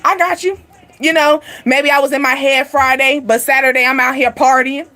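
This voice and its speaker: A woman giving a casual, animated tarot reading, laughing often and speaking straight to her viewers. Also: high voice, moderate pace. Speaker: tarot reader. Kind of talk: livestream card reading.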